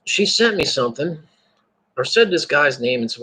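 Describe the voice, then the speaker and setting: Raspy bright-toned man rambling to viewers. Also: mid-range voice, big pitch swings, normal speed, low-quality recording. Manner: rambling, repeats words and restarts, laughs to himself. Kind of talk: casual spoken monologue.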